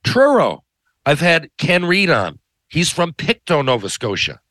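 A man's voice: a little high, wildly swooping pitch, a little slow, fairly bright tone, no room sound. Rambling man, dry close sound. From Newfoundland, Canada. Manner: rambling, profane, tags lines with "right?". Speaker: podcast host. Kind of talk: casual monologue.

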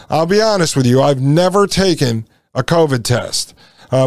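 A man hosting a podcast, telling a personal story in a blunt, animated, indignant way with casual asides. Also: fairly high pitch, gravelly, no room sound, clean studio sound. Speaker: podcast host.

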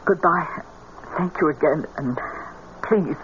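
A woman's voice: deep voice, slow pace, muffled recording. An actress playing a grieving, gullible mother who speaks in a tremulous, breathless, pleading way, in 1940s radio acting style, on a hissy old radio recording. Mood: meek.

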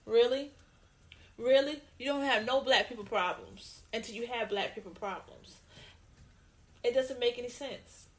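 A woman co-hosting a casual opinion talk, emphatic and repeating her points, with lively put-on greetings. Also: a little high. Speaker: co-host.

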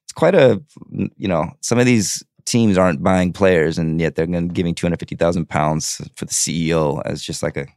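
A young man with a notably deep voice co-hosts a casual sports chat. He talks loosely, leans on "like" and drops the odd swear word. The sound is dry and close. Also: a little fast, no room sound. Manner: relaxed, chatty, swears casually, frequent "like". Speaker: podcast co-host.

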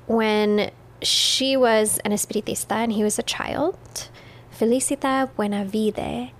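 Animated woman talking about spirit guides. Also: on the high side, unhurried. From United States. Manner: animated, laughs often, swears casually. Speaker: podcast guest, witch and spiritual practitioner. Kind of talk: casual podcast chat.

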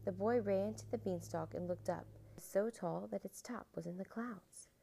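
A woman reading a children's storybook aloud with expressive, animated delivery. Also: mid-range voice, normal speed, gravelly, a little hiss or hum, poor audio.

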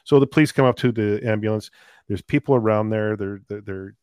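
A man, a paramedic, telling a long call story in a casual, animated way, with many fillers. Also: fairly low pitch, fairly quick, smooth, no room sound. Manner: animated, laughing anecdotes with filler words. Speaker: paramedic guest.

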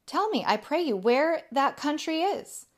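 A witch queen who soothes and mocks at once, pitched higher than a plain speaking voice, as a woman reads her out. Her coaxing, half-teasing tone never lets go. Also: big pitch swings, unhurried. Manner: soothing, half-mocking storybook reading. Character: sweetly mocking enchantress queen, coaxing.

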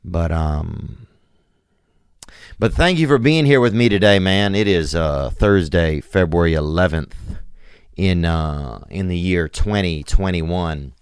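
A low-voiced man rambles through a comic story, stopping and restarting his sentences over and over. The sound is close and completely dry, with no room at all. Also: lively intonation, smooth, no echo. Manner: meandering, halting, full of fillers and restarts. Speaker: podcast host.

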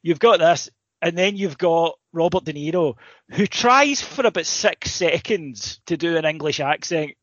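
A man, co-hosting a podcast, telling a rambling, sweary, animated story in casual comedic chat. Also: fairly high pitch, measured pace, no room sound. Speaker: podcast co-host. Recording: dry, slightly muffled recording.

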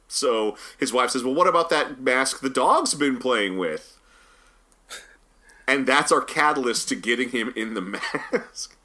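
Bright-voiced man recapping a movie. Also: fairly low pitch. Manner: rambling, laughs while recounting the plot. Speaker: podcast co-host. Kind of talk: casual film review chat.

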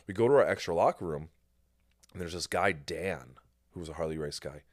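Speaking in a low voice at a slightly quick pace, this man hosts a podcast and spins a story over casual chat. He's an animated storyteller who curses without restraint and performs other people's lines. The audio is dry and studio-clean.

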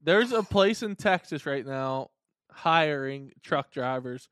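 Young man, smooth higher voice, excitable. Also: takes it slowly, no room sound, clean studio sound. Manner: excitable, slangy, repeats points for emphasis. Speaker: podcast co-host. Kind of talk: casual podcast chat.

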